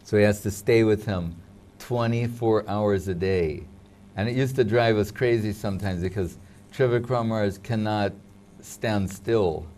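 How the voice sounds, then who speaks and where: A man in a casual conversation, sharing memories in an unhurried way. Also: on the low side, a little mellow, a little hiss or hum. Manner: unhurried, adds short agreements and helps finish the other man's sentences.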